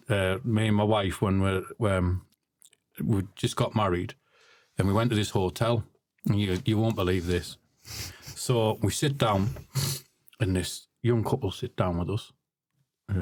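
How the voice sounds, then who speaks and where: A man's voice: low-pitched, steady tone, moderate pace, darkish tone, dry recording. A blunt man telling stories as a podcast guest. He often repeats words as he starts a sentence. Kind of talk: casual storytelling.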